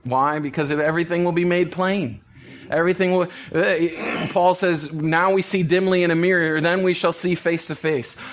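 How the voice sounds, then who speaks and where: An earnest male pastor teaching through a passage of scripture, with a voice set a little higher than most men's. He leans hard on key phrases and at times drops almost to a whisper. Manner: earnest, emphatic, with soft laughs and hushed phrases. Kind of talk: expository Bible teaching.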